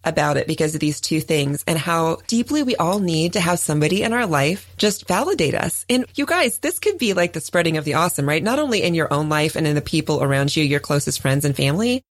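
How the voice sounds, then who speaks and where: A woman in her forties tells a personal story on a chat podcast. She talks in an easy, animated way and leaps much higher when she acts out what others said. Her voice is recorded close and dry, with no room sound. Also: fast talker, hardly any pauses, no room sound. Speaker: podcast co-host. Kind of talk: casual chat.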